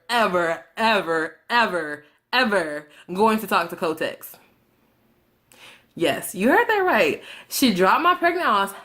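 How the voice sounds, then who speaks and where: A young woman vlogger telling a story to camera in a loose, conversational way. She is animated and dramatic, swears freely, and plays out both sides of the conversation. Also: mid-range voice. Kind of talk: casual storytime vlog.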